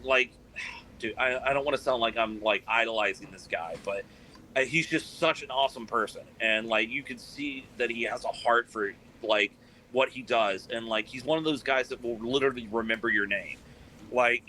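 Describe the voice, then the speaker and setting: A man from South Carolina, a guest telling animated stories in a casual interview and acting out quoted voices. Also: medium pitch, a little hiss or hum, rough recording. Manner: animated, acts out quoted voices, many fillers. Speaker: guest, band frontman.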